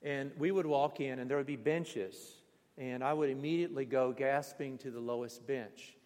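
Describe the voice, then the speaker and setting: An older man preaching a sermon, telling personal stories with animated, vivid emphasis in a church. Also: mid-range voice, normal speed. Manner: vivid, animated storyteller with bursts of emphasis and laughter. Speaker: pastor. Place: church sanctuary. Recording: long hall reverb.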